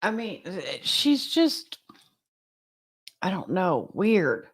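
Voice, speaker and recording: A woman's voice: mid-range voice, very animated, extremely slow, husky. A woman co-hosting a podcast, chiming in with short agreements and cueing up the next clip. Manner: short agreeing interjections, prompting cues. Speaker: podcast co-host. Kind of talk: casual chat.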